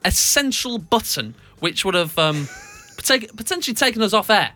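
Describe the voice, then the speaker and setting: A man co-hosting a casual radio show, teasing his partner, animated and laughing often. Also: high-pitched, moderate pace. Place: radio studio.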